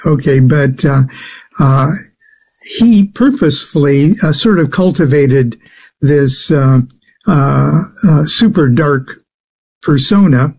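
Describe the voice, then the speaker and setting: A man with a fairly high voice talks slowly and haltingly as an interview guest. He fills his pauses with many "uh"s and restarts while he explains his subject at length. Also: vocal fry, darkish tone, breathy edge. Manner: slow, halting, many filler sounds. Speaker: guest expert on the occult. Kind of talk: interview answers.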